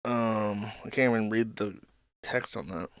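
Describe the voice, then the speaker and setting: A man's voice: on the low side, unhurried, clear, resonant tone, no echo, studio quality. A man hosting a live stream, reading out messages and cutting in with crude, sarcastic asides. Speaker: streamer host.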